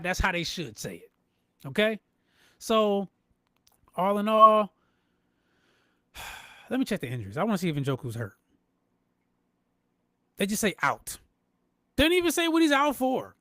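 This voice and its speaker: Young man, high voice, dry close sound, live-stream sports rant host, emphatic and repetitive. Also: measured pace, long pauses, no echo. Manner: animated, emphatic, repeats phrases, talks to chat. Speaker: podcast host.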